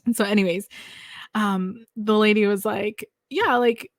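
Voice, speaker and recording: Her voice sits in the middle range and moves at a moderate pace, with no room sound on the lavalier recording. The young woman, appearing as a podcast guest, recounts her own experience with lively energy, hand gestures, and acted-out quotes.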